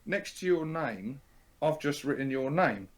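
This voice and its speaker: A man's voice: fairly high pitch, lively intonation, unhurried. A man hosting a casual group chat, joking and laughing with his guests.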